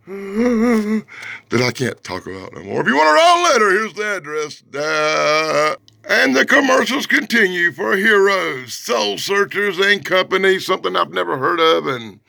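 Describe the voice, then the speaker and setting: A man reviews a comic book out loud with a sarcastic, animated delivery. His high, gravelly voice swings widely between loud outbursts and low grumbles. The sound is dry and close, with a sharp, bright edge. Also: no echo.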